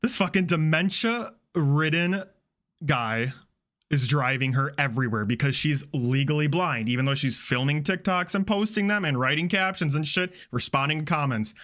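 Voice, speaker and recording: A young male streamer tells a long story in a loose, profane, animated way, cursing constantly as he goes. His voice sits a little higher than most men's. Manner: profane, animated recap, heavy swearing. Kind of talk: casual storytelling on a livestream.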